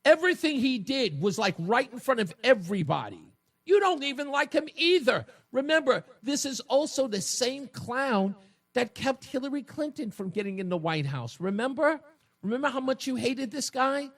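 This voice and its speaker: High-pitched animated talk radio man. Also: moderate pace. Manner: mocking, combative, swings between shouting and low taunts. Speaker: radio talk show host. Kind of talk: opinionated political talk radio monologue.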